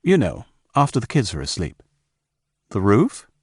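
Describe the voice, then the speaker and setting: A man's voice: fairly low pitch, huge pitch swings, moderate pace, breathy edge, no room sound, clean studio sound, exaggerated voice. Man voicing a shy, stammering young man. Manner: stammering, hesitant.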